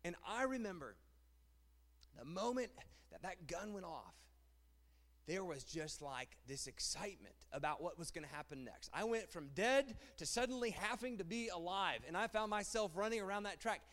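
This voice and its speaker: A married man preaching a sermon as pastor, animated and rhetorical, often repeating phrases. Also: high-pitched, normal speed. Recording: long hall reverb.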